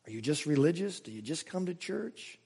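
A male pastor preaching a sermon, emphatic, swinging between raised exclamations and hushed asides. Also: on the high side, big pitch swings, a little fast, gravelly, breathy edge, in a large hall. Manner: emphatic preaching with sudden rises and hushed drops.

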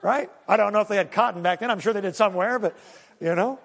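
A man preaching a sermon, animated and full of rhetorical questions and acted-out asides to the congregation. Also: high-pitched, fast talker, creaky, long reverb tail. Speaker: pastor.

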